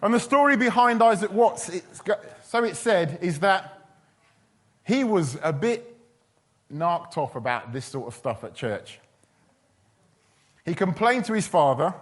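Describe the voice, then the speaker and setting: A man preaching a sermon in a chatty, humorous storytelling way. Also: on the high side. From England. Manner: chatty, humorous, with quoted voices.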